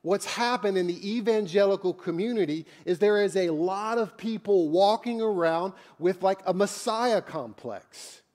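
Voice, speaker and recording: High-voiced pastor preaching with blunt humor. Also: male voice, normal speed, hardly any pauses, darkish tone. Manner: conversational and joking, with blunt asides. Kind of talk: sermon. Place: church.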